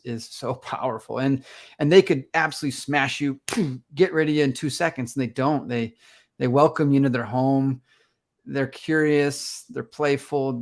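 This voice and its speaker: Here a conservation photographer with a creaky, mid-range voice talks casually as a guest on an interview. His storytelling is animated, and he acts out his own reactions.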